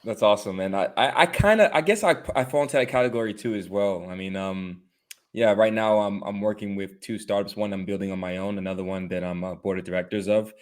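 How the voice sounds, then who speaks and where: A man chatting casually on a podcast, talking in a relaxed, hesitant way. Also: fairly low pitch, quick pace. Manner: relaxed, hesitant with fillers and restarts.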